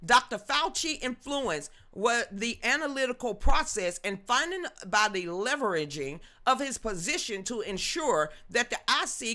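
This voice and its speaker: A woman's voice: on the high side, sharp tone. A woman in her fifties hosting a news commentary livestream, reading chat and ranting emphatically in a rambling way.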